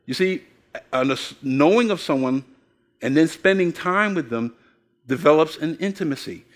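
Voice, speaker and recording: With a fairly high, animated voice at a moderate pace, an older pastor preaches to his congregation. He asks them questions and tells homespun stories, voicing the characters he quotes.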